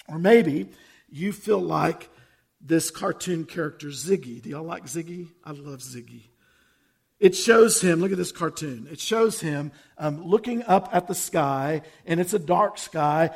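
A man preaching to his congregation, weaving folksy jokes and stories into the message. His voice sits high for a man, with a gravelly edge and a husky, slightly rough tone. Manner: storytelling, conversational, with folksy jokes. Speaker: pastor. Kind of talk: sermon.

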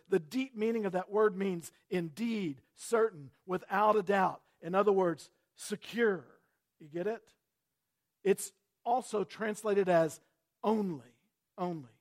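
A man preaching a sermon, swinging between loud emphatic lines and hushed low phrases, speaking straight to his listeners and repeating key words. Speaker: pastor.

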